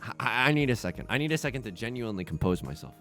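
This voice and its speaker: Animated young man commentating a game. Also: mid-range voice, racing, soft background music. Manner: dramatic, self-mocking, swings from hushed to yelling. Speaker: let's play host. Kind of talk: casual gameplay commentary.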